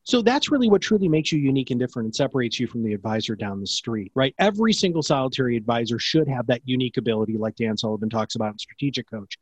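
A man who runs a podcast production company, answering interview questions in a fast, enthusiastic, salesy way. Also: mid-range voice, lively intonation, slightly rough, no room sound.

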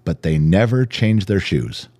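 A middle-aged man co-hosts a podcast in a low, slightly slow voice, captured in a dry recording. He's an animated storyteller, telling a story through casual chat and acting out the people he quotes.

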